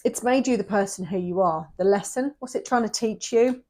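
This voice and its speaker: A woman's voice: mid-range voice, brisk, darkish tone. Tearful woman reading tarot. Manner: emotional, addresses viewer directly, often drops to a whisper. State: close to tears. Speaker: tarot reader.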